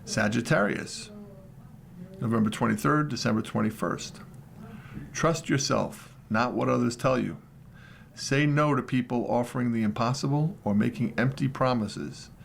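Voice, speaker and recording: A man reading newspaper horoscopes, death notices and comics aloud in a steady, plain manner. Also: medium pitch, normal speed, creaky, a little hiss or hum. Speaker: volunteer newspaper reader. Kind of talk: read-aloud news and features.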